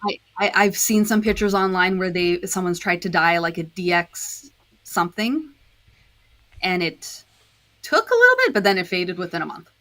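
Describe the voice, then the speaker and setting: Low-voiced woman explaining her craft. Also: sing-song, normal speed, sharp tone. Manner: explains step by step, with frequent fillers. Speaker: podcast guest, disc dyer. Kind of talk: casual chat.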